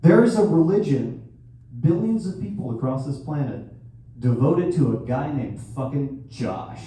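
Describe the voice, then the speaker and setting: A man in his thirties doing a crude stand-up comedy set with sudden loud outbursts. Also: mid-range voice, lively intonation, unhurried. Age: 30s. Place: live venue hall. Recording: echoey hall from far off, faint noise.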